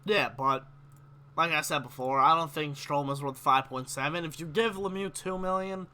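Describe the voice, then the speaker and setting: A man's voice: fairly high pitch, moderate pace, smooth. A young man hosting a live sports stream, chatting casually with viewers and getting worked up as he argues his points. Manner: animated, gets worked up, reads chat questions aloud.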